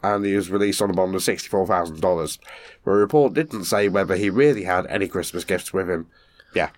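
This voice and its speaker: A man's voice: low-pitched, brisk. A man co-hosting a podcast who sums up a news report in a matter-of-fact way. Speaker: podcast co-host. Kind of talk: casual chat, reading a news report.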